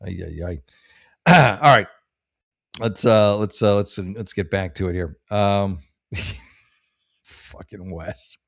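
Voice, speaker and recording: A middle-aged man with a fairly low voice spins a loose, rambling comedy story. He swears freely and pokes fun at himself as he goes. His tone stays casual and chatty. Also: lively intonation, unhurried, vocal fry, long pauses. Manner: rambling, profane, self-mocking. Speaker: comedian hosting a podcast.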